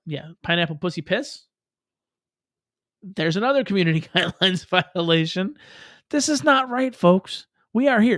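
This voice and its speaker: A man with a high voice hosts his livestream in a loose, rambling way, full of swearing and laughing asides. The sound is close and dry, with no room around it. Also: dry recording. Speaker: livestream host. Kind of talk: casual livestream chat.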